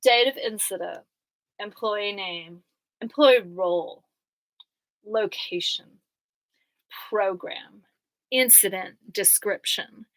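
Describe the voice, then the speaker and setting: Bright-voiced woman rambling over court papers. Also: medium pitch, slow pace, long pauses, no room sound, poor audio. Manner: chatty, laughs often, many "like" fillers. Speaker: vlogger going through court papers. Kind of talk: casual rambling commentary.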